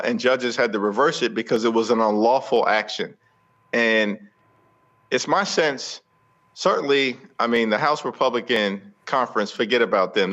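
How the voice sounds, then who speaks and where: Appearing as a guest politician in an interview, a man speaks forcefully and rhetorically with the cadence of a speech. His voice is mid-range, and the recording's highs are cut off.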